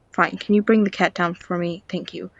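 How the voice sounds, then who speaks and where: A low, creaky woman's voice, recorded dry and lo-fi on a cheap home microphone. She's a game vlogger with a stuffy nose, casually and playfully commenting on a game she plays at home, speaking to the characters and sometimes dropping into a whisper.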